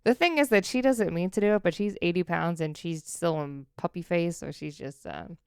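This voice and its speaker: Podcast lady telling a story all animated, lowish smooth voice. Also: moderate pace, no echo, clean studio sound. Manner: animated storyteller, acts out quotes. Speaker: podcast co-host. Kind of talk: casual chat. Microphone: studio dynamic mic.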